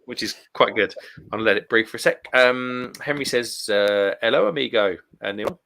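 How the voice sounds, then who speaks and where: Brief: cheerful English man with a bright, forward voice, co-hosting a beer stream and chatting with the viewers. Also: mid-range voice, moderate pace, creaky. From England. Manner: cheerful, laughs often, chatty about beer. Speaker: live stream co-host. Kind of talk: casual chat reading viewer comments.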